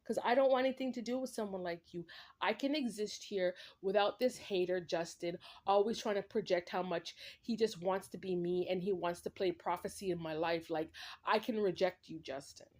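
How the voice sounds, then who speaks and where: A woman's voice: mid-range voice, moderate pace, a little mellow. A woman vlogger in a confrontational, repetitive rant, talking straight at an absent man. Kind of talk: ranting monologue to camera.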